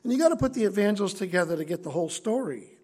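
A man's voice: high voice, animated, racing, a little mellow, husky. A male preacher giving an earnest sermon that explains scripture in a conversational way.

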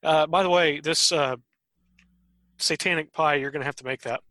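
A man's voice: on the high side, normal speed, pushed and bright, dry recording, low-quality recording. A man co-hosting a podcast, chatting casually and laid-back over a video call, chuckling and hesitating often. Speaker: podcast co-host. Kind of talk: casual chat.

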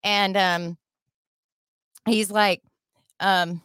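A middle-aged woman telling a personal story as a podcast guest, in a heated, profane and animated way. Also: mid-range voice, very slow, clean tone, dry recording.

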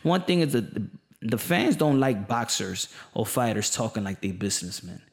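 A man's voice: fairly low pitch, moderate pace. A man giving an opinionated monologue, emphatic and passionate, repeating his points in casual slang. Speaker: boxing commentator. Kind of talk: opinionated boxing commentary monologue.

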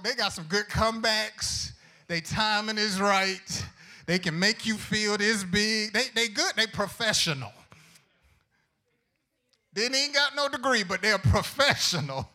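Preaching to young people, a male pastor delivers his sermon in a folksy, humorous way, acting out prayers and often tossing questions to the congregation. His high voice is pushed and bright, measured in pace with lively intonation.

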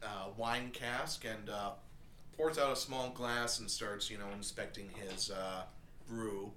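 A man's voice: on the low side, slow, echoey room, background noise. A man narrating a tabletop role-playing game as game master, telling the story easily with many fillers.

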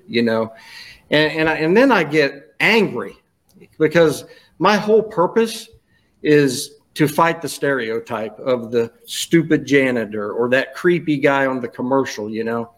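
A man's voice: mid-range voice, normal speed. A middle-aged man, a guest on a podcast, telling stories in a casual chat with frequent restarts and "you know"s. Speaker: guest, retired school custodial administrator.

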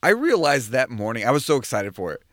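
A man hosting a podcast, his voice mid-pitched and playful as he teases and jokes. The recording is close and dry. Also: big pitch swings, fairly bright tone, no room sound. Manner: playful, teasing and quick to laugh. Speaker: podcast host. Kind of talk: casual podcast chat. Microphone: studio microphone.

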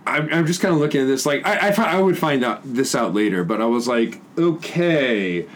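A man co-hosting a casual podcast, telling a profane, animated story and acting out his own shouts. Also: medium pitch, fast, slight background noise. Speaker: podcast co-host.

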